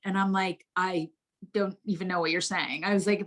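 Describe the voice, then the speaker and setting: Middle-aged jersey woman telling her life story at home, lively and blunt, swears a bit. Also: medium pitch, moderate pace. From New Jersey. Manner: vivid, expressive storytelling with casual swearing. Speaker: guest. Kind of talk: candid life story in conversation.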